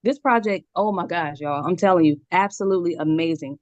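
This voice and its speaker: A woman in her forties speaking very fast and excitedly on a video call from her room at home, a little out of breath and laughing often. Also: lowish voice, no echo, muffled recording. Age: 40s. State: slightly out of breath. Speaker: community member sharing a testimonial. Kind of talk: casual call testimony.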